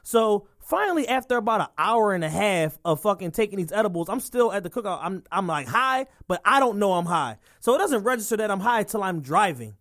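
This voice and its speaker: A man's voice: high voice, very animated, a little fast, few pauses, a bit bright, dry recording, studio quality. A young man, telling stories on a casual podcast, laid-back with lots of filler words and swearing. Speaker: podcast co-host. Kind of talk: casual chat, storytelling.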